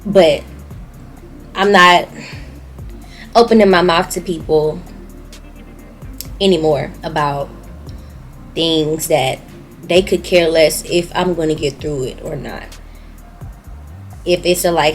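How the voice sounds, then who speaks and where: A woman's voice: low-pitched, takes it slowly, long pauses, soft background music, low-quality recording. A young woman with a Southern US accent, talking candidly to her viewers in a personal video diary. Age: young adult. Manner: candid, emotional, speaking to viewers. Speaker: YouTuber.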